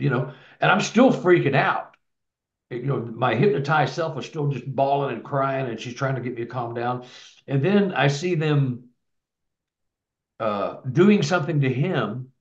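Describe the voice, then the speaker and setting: Man, mid-pitched, casual rambling storyteller, lots of restarts; roomy, lo-fi recording. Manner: rambling, many restarts and repeated words. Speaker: guest telling his experiences. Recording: echoey, dull lo-fi sound.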